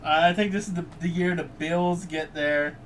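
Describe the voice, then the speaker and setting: A man hosting a casual sports podcast with a Pittsburgh accent, loud, profane and excitable. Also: fairly high pitch, moderate pace. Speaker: podcast host. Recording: distant mic with faint background noise.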